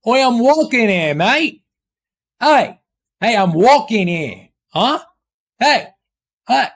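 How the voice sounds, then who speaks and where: A man putting on a brash street-tough New Yorker voice, loud and indignant. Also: very high-pitched, very animated, slow, pitched above the performer's own voice, heavily acted.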